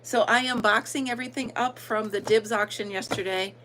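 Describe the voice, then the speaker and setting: A woman's voice: on the high side, steady tone, fairly quick, fairly bright tone, a little hiss or hum, low-quality recording. Chatty American country woman streaming live. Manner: chatty, greets viewers by name, filler ums. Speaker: livestream host. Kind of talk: casual livestream chat.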